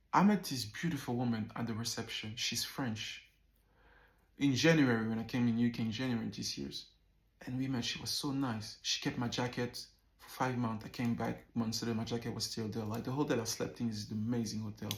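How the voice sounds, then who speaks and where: A man vlogging a personal story in a casual, animated way, swearing often and acting out the dialogue. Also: mid-range voice, brisk, creaky, reverberant.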